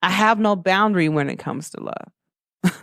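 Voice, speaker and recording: A young woman hosts a casual spiritual pep talk in a fairly low, gravelly voice, speaking a little slowly. She tells stories animatedly, acts out quoted voices, and laughs often. The recording is dry and studio quality.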